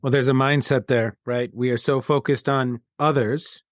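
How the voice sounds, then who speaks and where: A man's voice: mid-range voice, steady tone, normal speed, no echo, clean studio sound. A man hosting an interview, reflecting on the guest's points and asking open questions. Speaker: podcast host.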